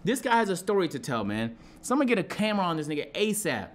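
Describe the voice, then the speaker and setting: A young man streaming live, telling a story to his chat in a profane, excitable way and acting out shouted quotes. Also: high-pitched, fast.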